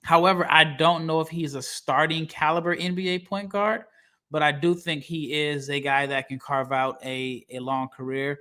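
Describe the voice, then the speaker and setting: Bright, lively man talking hoops. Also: fairly high pitch, moderate pace. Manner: animated, laughs often, quotes others in lively voices. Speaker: podcast co-host, draft analyst. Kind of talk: casual sports podcast talk.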